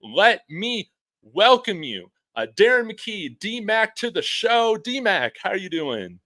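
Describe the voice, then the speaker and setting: A man hosting a sports podcast from his bedroom, talking casually and eagerly, stumbling over words when he speaks fast. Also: sits high, big pitch swings, bright, forceful tone, no echo. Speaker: podcast host. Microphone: home setup in his bedroom.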